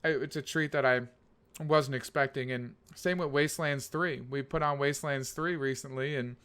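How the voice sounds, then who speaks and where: A man co-hosting a casual chat about video games, animated and full of restarts. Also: mid-range voice, moderate pace, smooth. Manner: animated, talks over others with many restarts. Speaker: podcast co-host.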